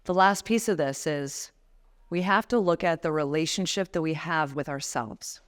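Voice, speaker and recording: A woman's voice: low-pitched, normal speed. A woman in her forties giving a motivational talk at a conference, guiding the audience through breathing exercises and speaking directly to them. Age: 40s. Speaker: guest speaker. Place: conference room before a seated audience.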